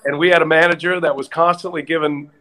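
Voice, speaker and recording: A man chatting casually as a guest, telling animated stories with laughter and acting out quotes in a raised voice. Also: on the high side, quick pace, poor audio. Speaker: guest, former baseball broadcaster. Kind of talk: casual storytelling chat.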